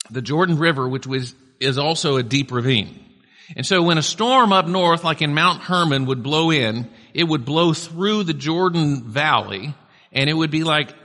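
Guy pastor preaching, bright forceful voice, bit high, big echoey hall. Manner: conversational preaching with asides. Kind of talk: sermon. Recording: long hall reverb.

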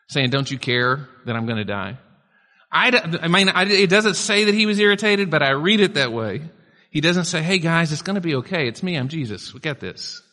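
A man's voice: on the high side, bright, forceful tone. A male pastor preaching a sermon in a conversational style, with casual asides to the congregation. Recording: long hall reverb.

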